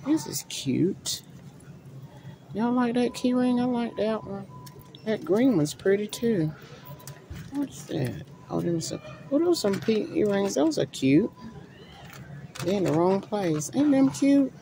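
A middle-aged woman vlogs while she shops in a big store and talks her viewers through each item she picks up. Her voice is gravelly, and her pitch swings up and down a lot. She is recorded on a handheld phone, and clear store noise runs underneath her voice. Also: animated, slow, pauses often. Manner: chatty, thinking aloud while browsing store shelves. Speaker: vlogger. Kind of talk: casual shopping vlog talk to viewers. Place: inside a large store. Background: store ambience.

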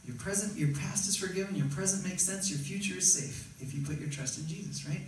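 A man with a high voice preaching to his congregation, casual and emphatic, checking in with a steady "right?". He sounds some way from the mic in a very reverberant church sanctuary, with a faint hiss underneath. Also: quick pace, hardly any pauses. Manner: conversational, emphatic, often asks "right?". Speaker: pastor. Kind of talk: sermon. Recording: very echoey church hall, mic at a distance.

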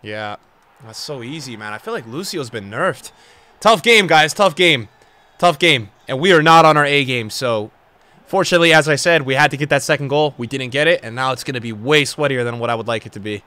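A young man commentating his own football video game match as a streamer, swinging from low muttering to loud outbursts. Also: expressive, a little fast. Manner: emotional, swings from muttering to shouting. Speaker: gaming streamer. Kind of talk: live gameplay commentary.

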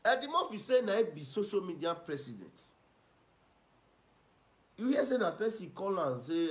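Male online commentator, Nigerian Pidgin accent, scornful ranting delivery, fairly high pitch. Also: very animated, unhurried, pauses often. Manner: mocking, scolding, swings loud and soft.

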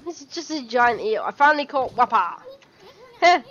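A woman doing casual let's-play commentary, reading dialogue aloud and reacting with excitement and the odd swear. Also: fairly high pitch, normal speed, lo-fi sound. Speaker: gameplay commentator.

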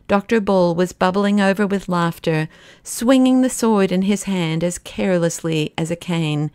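A woman narrates a classic novel in a steady, expressive reading style. Her voice is low-pitched and smooth. The recording is close and dry, with no room sound. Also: normal speed, no room sound. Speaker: audiobook narrator. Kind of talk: scripted narration.

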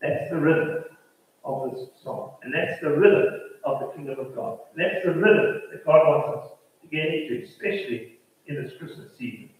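Preacher guy, kinda high voice, lots of echo, mic far off in a church hall. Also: moderate pace. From South Africa. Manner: rhythmic, repetitive preaching cadence. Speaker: pastor. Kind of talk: sermon.

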